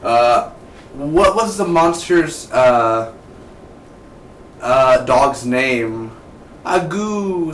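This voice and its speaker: A man giving a casual spoken TV episode review, rambling and excitable and drifting into tangents. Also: mid-range voice, takes it slowly. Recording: roomy, distant mic, faint background noise.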